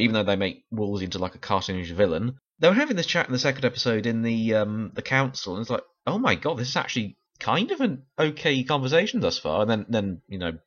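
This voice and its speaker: A man's voice: medium pitch, a bit bright, dull audio. A tired man talking through a casual, unscripted review, rambling, correcting himself and laughing often. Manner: chatty, rambling, frequent laughs and self-corrections. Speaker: TV series reviewer.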